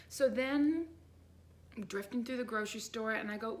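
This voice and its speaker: A woman's voice: mid-range voice, measured pace. Chatty woman life coach. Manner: chatty and animated, lots of "like" and "right?". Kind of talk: casual storytelling to camera.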